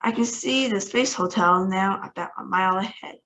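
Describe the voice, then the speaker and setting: A woman's voice: medium pitch, moderate pace, fairly bright tone, slight background noise, lightly acted, poor audio. A woman reading aloud, voicing a brash, cheeky male astronaut. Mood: reporting. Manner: brash, sassy.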